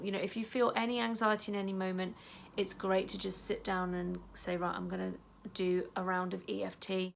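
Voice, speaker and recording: A woman leading an EFT tapping session in a casual, chatty way, saying the affirmations softly and trailing off into a whisper. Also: mid-range voice, gravelly, a little hiss or hum. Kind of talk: guided tapping instruction.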